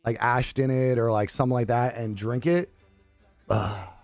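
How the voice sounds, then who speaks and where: A man's voice: mid-range voice, steady tone, normal speed, darkish tone, dry recording. A young man live streaming, chatting casually with his viewers, laughing often and swearing easily. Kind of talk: casual chat reading viewer comments. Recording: dry close sound with faint music behind.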